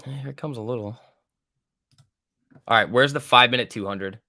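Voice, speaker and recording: A man's voice: mid-range voice, normal speed, gravelly, sharp tone, dry recording. A man hosting a live trading stream, talking loosely and thinking aloud as he reads the market, with the odd swear word. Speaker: stock trading stream host. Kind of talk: casual live market commentary.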